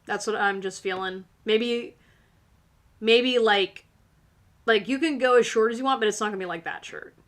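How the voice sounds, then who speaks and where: A woman's voice: fairly high pitch, moderate pace, fairly bright tone. A woman hosting a live-stream tarot reading, talking casually and encouragingly with lots of fillers. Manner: chatty, filler-heavy, encouraging.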